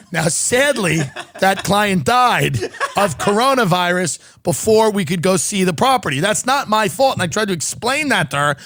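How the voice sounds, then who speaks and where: A man's voice: high voice, fairly bright tone, no echo, clean studio sound. A middle-aged man hosting a podcast, telling a comic story in a sardonic, riffing way and mimicking the people in it. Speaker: podcast host. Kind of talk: comedic storytelling monologue. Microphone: studio podcast mic.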